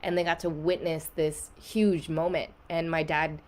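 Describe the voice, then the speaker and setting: Low-voiced young woman telling a heartfelt story. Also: level tone, measured pace. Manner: candid and emotional, many "like" fillers. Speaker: podcast guest.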